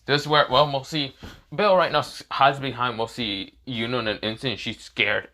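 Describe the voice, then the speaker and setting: Man, casual fan story narration, rambling, repetitive fillers, bright tone. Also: mid-range voice, fairly even intonation, moderate pace. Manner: rambling, repeats fillers like "this is where, well, mostly".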